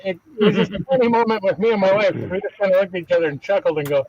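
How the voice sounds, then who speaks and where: A man's voice: sits high, racing, hardly any pauses, darkish tone, highs cut off. A man chatting casually on a live stream, telling a rambling anecdote and chuckling at his own story. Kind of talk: casual chat.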